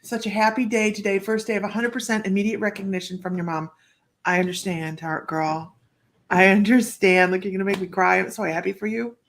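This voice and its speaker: Woman, psychic stream host, casual rambling chat, greets viewers, gravelly voice, mid pitch. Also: steady tone, fairly quick. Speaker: psychic reader hosting a live stream.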